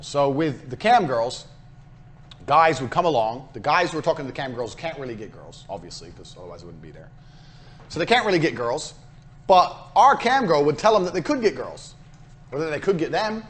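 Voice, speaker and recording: A man's voice: medium pitch, slight background noise. A man giving a recorded business lecture as a course instructor. He is brash, profane and hard-selling, and he hammers his points home by repeating them.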